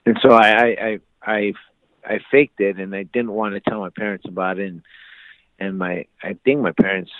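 A man's voice: fairly low pitch, level tone, normal speed, no echo. A man casually telling a personal story, rambling with many fillers and restarts. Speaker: guest telling his life story. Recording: tinny phone-like line, dry.

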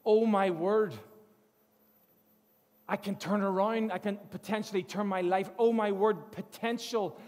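Freed male prisoner, put on by a preacher: high, breathless, disbelieving, repeats himself; reverberant hall sound. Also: steady tone, measured pace, a little mellow. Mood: astonished. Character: guilt-ridden freed male prisoner, stunned.

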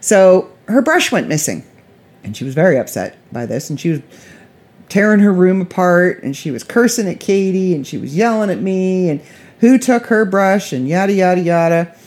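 A woman's voice: on the low side, expressive, moderate pace, a little mellow. Chatty middle-aged woman telling a story. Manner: chatty, rambling, frequent restarts. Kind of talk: casual storytelling.

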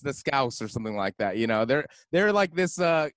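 A man's voice: medium pitch, big pitch swings, brisk, a bit bright, clean tone, no room sound. Laid-back man in casual chat. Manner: laid-back, says "man" a lot, laughs often. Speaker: DJ and co-host.

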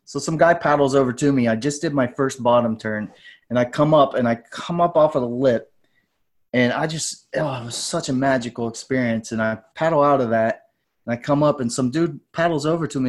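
A man in his forties, a podcast guest, telling stories in a loose, rambling way and jumping into lively voices when he quotes people. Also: medium pitch, a little fast. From United States. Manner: rambling, tangent-prone, animated when quoting others. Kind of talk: casual storytelling interview.

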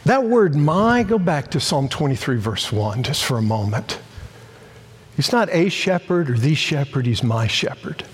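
Husky-voiced preacher with booming emphasis. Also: male voice, very animated, measured pace, long reverb tail. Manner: emphatic, rising to stress key words. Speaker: pastor. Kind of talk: sermon.

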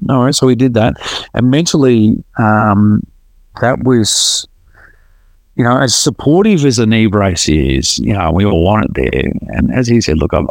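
A podcast guest with a fairly low voice, recorded without echo, recounts his story to the host. He's casual, earnest and lively, frequently restarting his sentences.

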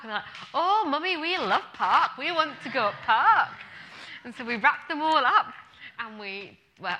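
A woman preacher giving a sermon, telling a funny story with animated, self-mocking delivery. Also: fairly high pitch, slight background noise. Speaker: guest speaker.

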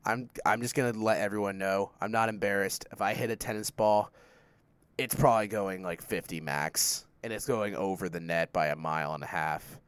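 A young man with a smooth, resonant, lowish voice, recorded close and dry. He talks through sports picks in loose, joking banter, sometimes rambling. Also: moderate pace, no echo. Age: young adult. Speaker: podcast co-host. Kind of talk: casual sports chat.

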